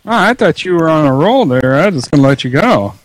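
A man's voice: a little high, big pitch swings, quick pace. A man co-hosting a casual podcast chat, dry and teasing, fond of playful wordplay. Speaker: podcast co-host.

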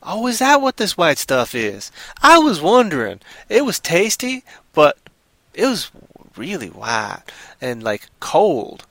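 A naive, bewildered drifter from Texas, voiced by a man in a livestream story. He talks slowly and pleads in a bright, slightly high voice. The recording is close and dry. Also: wildly swooping pitch, no room sound, exaggerated voice. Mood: puzzled.

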